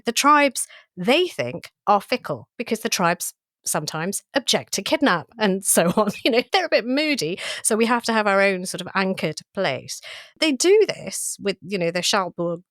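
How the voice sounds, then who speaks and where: A woman co-hosting a history podcast, telling stories in a playful, teasing, animated way. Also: mid-range voice, no room sound, clean studio sound. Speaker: podcast co-host. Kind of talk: casual history chat.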